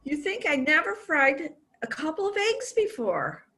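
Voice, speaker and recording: An exasperated wife fires back in a high, indignant voice, as a woman acts her out in a joke. Her tone is bright and pointed. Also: wildly swooping pitch, measured pace, heavily acted. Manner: indignant, sharp.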